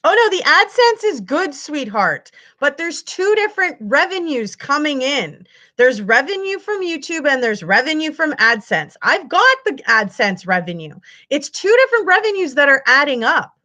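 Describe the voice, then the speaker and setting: A woman's voice: high-pitched, very animated, moderate pace, hardly any pauses, bright, forceful tone. A woman hosting a livestream, ranting at her viewers in a frustrated, profane way. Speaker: livestream host.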